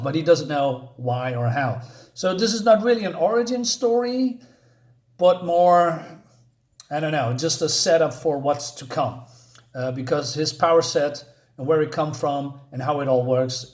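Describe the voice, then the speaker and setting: A man giving a casual spoken comic book review, rambling and hesitant, with many fillers. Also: on the high side.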